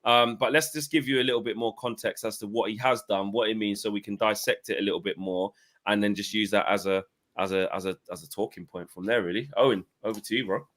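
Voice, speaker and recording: A man's voice: on the low side, fairly even intonation, fast talker, a bit bright. A man hosting a casual football podcast, chatty and upbeat with lots of fillers. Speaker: host.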